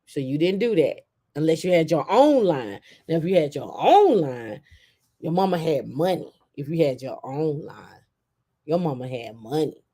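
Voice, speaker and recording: A woman host in casual chat, telling stories in an animated way and acting out quotes. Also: low voice, normal speed. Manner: animated storytelling with acted-out quotes.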